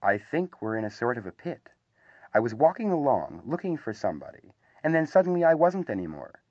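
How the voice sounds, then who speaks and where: A man voicing a tiny, timid young male piglet in a small, high, squeaky voice, anxious and plaintive. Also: very animated, a little fast, a little mellow, no room sound. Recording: slightly dull, dry recording.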